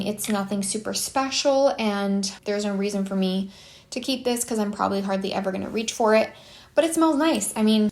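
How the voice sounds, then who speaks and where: Chatty breathless young woman vlogging. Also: mid-range voice. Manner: chatty, rambling with restarts and "like" fillers. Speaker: perfume channel host. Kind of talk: casual vlog review.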